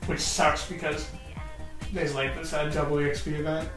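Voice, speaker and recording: A laid-back man chatting on a podcast, cursing freely and laughing often. His voice sits a little high. The recording rings with heavy room echo, and clear music plays underneath. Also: level tone, normal speed, a bit bright. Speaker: podcast co-host. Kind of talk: casual chat.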